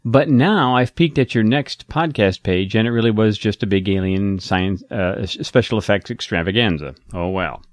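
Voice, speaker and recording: A man's voice: lowish voice, animated, normal speed, few pauses, no room sound. A man co-hosting a podcast in casual chat, reading a listener email aloud with chuckles and asides. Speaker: podcast co-host.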